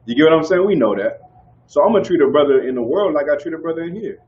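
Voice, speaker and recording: A man teaching a group in casual preaching style, animated and conversational, often asking whether listeners follow. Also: fairly high pitch, very fast, dull audio. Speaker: street teacher.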